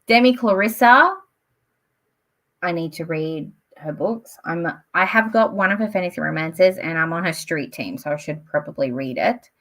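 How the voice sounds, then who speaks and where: A young woman in her late twenties, chatting away on a live book stream. Her pitch swings up and down a lot. She rambles casually and fills her talk with "like" and "um". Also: animated, moderate pace, a bit bright. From Australia. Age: late 20s.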